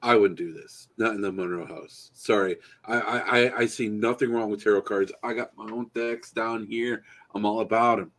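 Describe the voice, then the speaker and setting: A man's voice: on the low side, fairly even intonation, normal speed, few pauses, fairly bright tone, slight background noise. A man hosting a podcast, chatty and candid in casual conversation. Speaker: podcast host.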